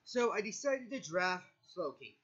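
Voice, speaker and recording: A man's voice: high voice, sing-song, moderate pace, fairly bright tone, breathy edge, dull audio. A nervous man talking through his picks in a casual monologue, stumbling and correcting himself often. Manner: stumbling, self-correcting delivery. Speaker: video creator. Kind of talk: casual draft analysis monologue.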